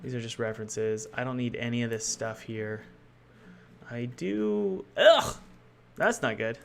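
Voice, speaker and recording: A man's voice: medium pitch, measured pace, gravelly, a little hiss or hum. A man streaming his game development work, chatting loosely with viewers and thinking aloud as he codes, often correcting himself mid-sentence. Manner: rambling, loose and self-correcting; thinks aloud while working.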